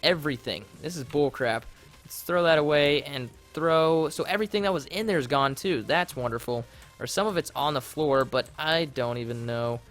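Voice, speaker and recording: A young man casually commenting on his game during a livestream, rambling and easily flustered, and often breaking into loud, panicked yelling. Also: on the high side, normal speed, faint music behind. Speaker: livestreamer playing a modded block game.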